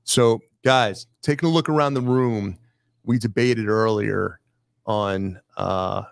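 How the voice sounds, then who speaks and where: Quick, jokey man hosting a studio chat. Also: on the low side, vocal fry, no echo. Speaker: host. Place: studio filled with sports memorabilia.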